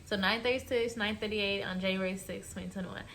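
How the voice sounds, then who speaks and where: A woman's voice: medium pitch, steady tone, brisk, a bit bright. A young woman with a mid-range voice tells a personal story in a casual vlog. She talks chattily and with feeling, often speaking straight to her viewers. Faint background noise sits under the recording. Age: young adult. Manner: chatty, emotional, addresses viewers directly. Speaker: vlogger.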